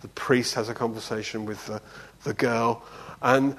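A man's voice: medium pitch, moderate pace, slightly rough. A man preaching a conversational sermon. He tells anecdotes and often checks in with his listeners. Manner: animated storyteller, often checking in with "yeah?".

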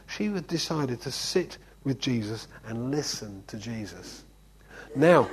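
Husky man giving a chatty sermon. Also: mid-range voice, expressive, measured pace, rough recording. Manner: conversational, keeps asking "okay?". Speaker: preacher. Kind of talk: informal sermon.

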